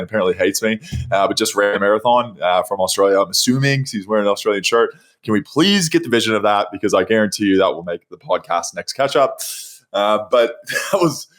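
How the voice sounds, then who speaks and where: A man hosting a podcast, telling a story in an animated, casual way and laughing often. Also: lowish voice. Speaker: podcast host. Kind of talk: casual chat.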